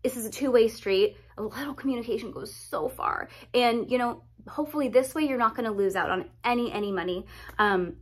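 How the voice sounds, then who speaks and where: Chatty lady giving lash biz tips, kinda high voice, lively and talky. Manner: chatty, lively, acts out scenarios. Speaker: lash business educator. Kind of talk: casual advice video.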